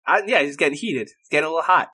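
A man's voice: a little high, lively intonation, racing, sharp tone, breathy edge. A man playing a tabletop game who talks in a joking, playful way. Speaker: player. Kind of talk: casual tabletop game play.

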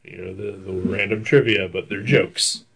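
A man's voice: low-pitched, steady tone, moderate pace, creaky, a bit bright, a little hiss or hum. A young man telling a long story on a casual talk show, rambling with many fillers, laughing often and swearing freely. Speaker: podcast co-host telling a story. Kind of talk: casual chat.

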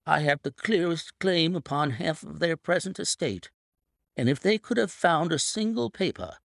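A man reading an audiobook, voicing an indignant older English gentleman in a raised, emphatic tone. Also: on the high side, vocal fry, no room sound, clean studio sound, pitched above the performer's own voice, exaggerated voice.

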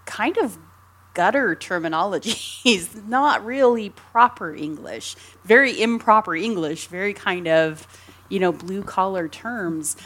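A woman talking about an old film in a loose, chatty way. Her voice sits at an ordinary middle pitch, and she giggles often and wanders through restarts as she builds her points. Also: a little slow, a bit bright. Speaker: podcast co-host. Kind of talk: casual film discussion.

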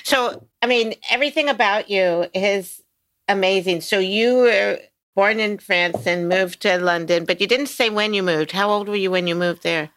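Bright, enthusiastic older woman host. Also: medium pitch, moderate pace. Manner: enthusiastic, exclaims often. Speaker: podcast host. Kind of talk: casual interview.

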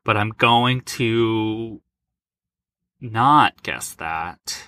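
A man trades movie guesses on a podcast, loose and quick to curse. His voice is bright and forward. The sound is dry and close. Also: on the low side, no room sound. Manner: loose, profane and joking while guessing. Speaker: podcast co-host. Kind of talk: casual movie quiz chat.

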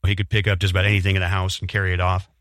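A man co-hosting a casual chat, explaining in a measured way with frequent fillers. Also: sits low, flat delivery, fairly bright tone, dry recording, studio quality. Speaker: podcast co-host.

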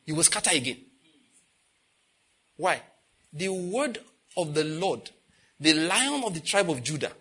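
A man preaching a sermon emphatically, asking the congregation questions and swinging from loud declarations to quiet intensity. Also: fairly high pitch, breathy edge. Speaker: pastor.

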